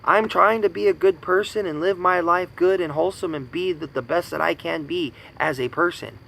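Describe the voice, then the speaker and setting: A man's voice: high-pitched, moderate pace, creaky, sharp tone, rough recording. A man in his thirties from the United States giving an angry personal rant, indignant and profane, hammering points with repetition. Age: 30s. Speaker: vlogger ranting.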